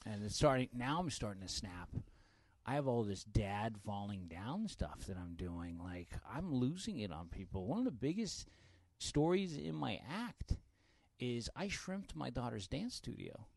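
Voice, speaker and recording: Comedian guest, lively pitch, profane acted-out quotes, dry close sound. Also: male voice, measured pace, gravelly, dry recording. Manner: animated, profane, acts out quotes loudly. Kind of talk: storytelling podcast chat.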